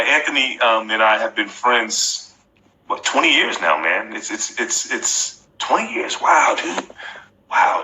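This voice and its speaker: Emphatic bright-voiced man coaching viewers live. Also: mid-range voice, a little hiss or hum. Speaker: motivational speaker hosting a live stream. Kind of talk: live-stream motivational talk. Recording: echoey room.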